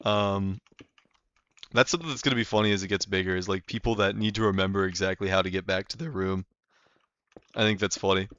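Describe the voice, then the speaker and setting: A man's voice: sits low, fairly even intonation, a little fast, pauses often, a bit bright, clear, resonant tone, no echo. Young man chatting loosely on a game stream. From North America. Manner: loose and rambling, heavy on fillers like "like" and "um". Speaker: livestreamer. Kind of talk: casual live gameplay chat. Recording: slightly muffled stream audio with faint music.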